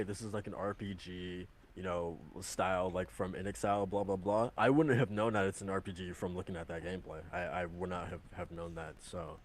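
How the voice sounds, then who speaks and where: Rambling low-voiced podcaster man. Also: a little mellow. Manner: rambling, full of "like" and restarts, laughs easily. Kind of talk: casual chat about video games.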